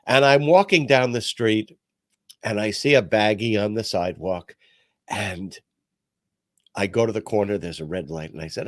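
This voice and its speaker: An older man hosts his talk podcast with lively, swooping pitch. He tells stories with self-deprecating humor. The sound is close and dry, with no room around it. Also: unhurried, no room sound. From New York. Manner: storytelling, animated and self-deprecating. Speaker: podcast host. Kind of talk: casual chat.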